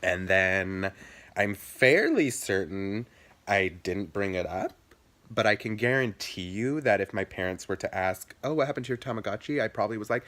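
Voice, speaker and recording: At a moderate pace, a young man shares a childhood tale on his vlog, casual and animated. He squeaks up high when quoting people and goes low for his asides.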